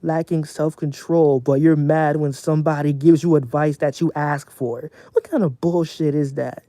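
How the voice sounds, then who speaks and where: A young man streaming casually from home, venting in a profane, animated rant. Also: on the high side, normal speed, no room sound.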